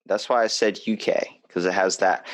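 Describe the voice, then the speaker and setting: A man's voice: low-pitched, steady tone, moderate pace, no room sound. An American man hosting a podcast, telling stories animatedly, acting out the people he quotes and swearing casually. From US East Coast. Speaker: podcast host.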